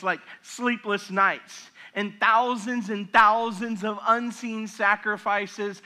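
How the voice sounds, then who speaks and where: Middle-aged man, pastor, sermon, conversational storytelling, high pitch. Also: sharp tone. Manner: conversational storytelling with acted asides.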